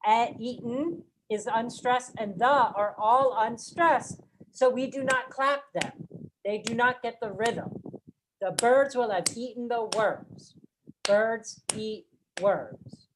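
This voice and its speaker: A woman running a workshop for teachers, explaining ideas slowly and carefully and chanting example phrases to show their rhythm. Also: on the high side, a little hiss or hum, low-quality recording. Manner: slow, deliberate, demonstrates rhythm by chanting. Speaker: teacher trainer.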